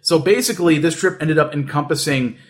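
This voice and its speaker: A man's voice: fairly high pitch, fairly quick. A man hosting a casual podcast, telling a story in a rambling, joking way with lots of fillers and restarts. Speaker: podcast host.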